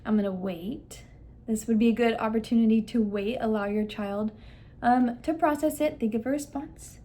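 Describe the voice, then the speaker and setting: In a warm, fairly high voice at a moderate pace, this young woman shows parents how a listening game works. As a speech therapist giving an instructional demonstration, she goes step by step and exaggerates the emphasis on important words.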